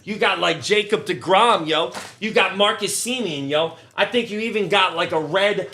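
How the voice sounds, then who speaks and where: A man putting on the voice of an overhyped young male card breaker who repeats a pushy sales-pitch patter. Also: moderate pace, bright, forceful tone. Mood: mocking. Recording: echoey room, faint noise.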